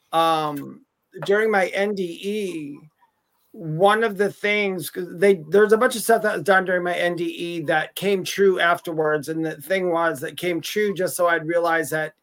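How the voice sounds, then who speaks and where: A middle-aged man co-hosting a live chat, talking haltingly and searching for his words. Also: high voice, fairly bright tone. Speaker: co-host, psychic medium.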